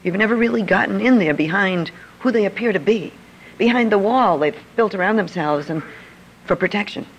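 A woman's voice: medium pitch, fairly quick, muffled recording, slight background noise. An older woman telling a personal story to an audience in a confiding manner. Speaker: speaker. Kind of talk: storytelling talk.

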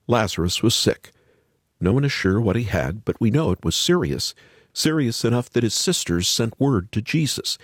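A man reads and teaches a scripture story in a scripted devotional radio format, his husky voice swooping widely in pitch as he tells it. He asks the listener rhetorical questions, and the recording is dry and close, with no room sound. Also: no echo.

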